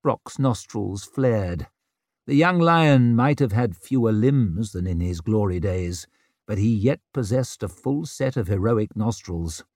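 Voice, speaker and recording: A man narrating an audiobook in an expressive, wry storytelling manner. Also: lowish voice, a little slow, no room sound, clean studio sound. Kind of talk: scripted narration.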